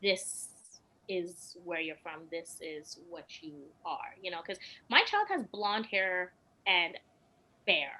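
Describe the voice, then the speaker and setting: A woman's voice: lowish voice, expressive, slow, pushed and bright, low-quality recording. A young woman and podcast guest telling personal stories in casual chat, emotional and laughing often.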